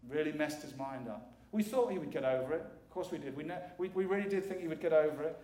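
Middle-aged guy preaching, earnest, repeats stuff for emphasis, slightly high voice, echoey church mic. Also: fast, dark tone. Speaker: guest preacher. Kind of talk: sermon. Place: church sanctuary.

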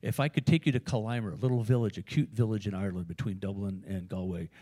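A man's voice: lowish voice, fairly even intonation, quick pace, mellow. A man with an American accent preaching a sermon in a conversational, storytelling way, with frequent fillers and asides. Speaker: pastor.

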